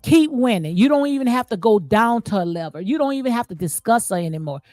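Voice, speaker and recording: A woman's voice: a little high, expressive, quick pace, a little mellow, no echo. Woman, emphatic and repetitive, casual commentary host, dry close mic, faint music under. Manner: emphatic, repeats phrases, frequent "okay?" and "absolutely". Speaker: commentary channel host reading live chat. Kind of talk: casual reality-show commentary.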